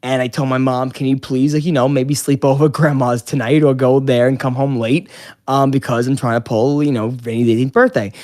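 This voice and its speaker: A man's voice: medium pitch, steady tone, a little fast, dry recording, clean studio sound. A young man co-hosting a podcast, rambling casually with lots of swearing. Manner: rambling and profane, slips into loud put-on voices. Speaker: podcast co-host. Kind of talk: casual chat.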